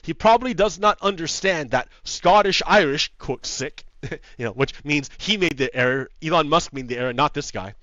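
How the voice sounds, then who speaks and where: A man's voice: on the high side, animated, normal speed, fairly bright tone, no room sound, muffled recording. Profane, heated man ranting over gameplay. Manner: heated and profane, repeats phrases, laughs often. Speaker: gaming video host. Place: home setup with green screen.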